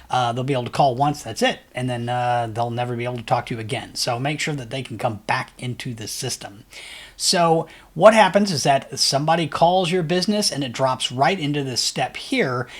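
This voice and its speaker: Rambling, upbeat male tutorial host. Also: mid-range voice. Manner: loose, rambling, many fillers and restarts; enthusiastic, says "really cool" often. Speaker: agency owner teaching a software tutorial. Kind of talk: casual screen-share tutorial.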